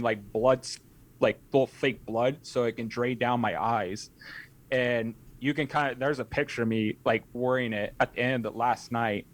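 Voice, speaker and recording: Rambling young man telling a story. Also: medium pitch. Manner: rambling, many restarts and self-corrections. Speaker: podcast guest, haunt scare actor. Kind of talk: casual interview storytelling.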